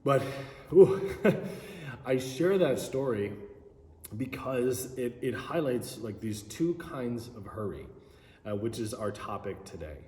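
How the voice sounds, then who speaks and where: Animated male preacher in an echoey hall. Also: medium pitch, slow. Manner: animated, conversational, many "like" and "right?". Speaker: pastor. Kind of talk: sermon storytelling. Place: large church hall. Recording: echoey hall with long reverb.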